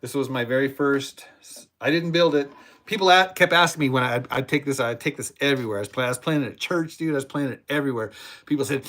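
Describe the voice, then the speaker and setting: A man's voice: medium pitch, fast, a bit bright. A man hosting a podcast, chatting casually and telling a rambling story with repeated words. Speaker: podcast host, cigar box guitar builder. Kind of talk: casual chat with live chat viewers.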